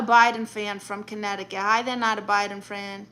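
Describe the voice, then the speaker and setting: Sassy bright-voiced woman live-streaming. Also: medium pitch, little pitch movement, brisk, hardly any pauses. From Puerto Rican and Guatemalan family. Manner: sassy, blunt comebacks to chat comments. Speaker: livestream host reading viewer comments. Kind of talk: casual live-stream chat.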